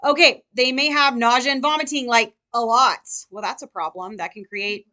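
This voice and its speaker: A woman nursing tutor lecturing a live class, firing rapid questions at her students. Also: fairly high pitch, fairly even intonation, pushed and bright.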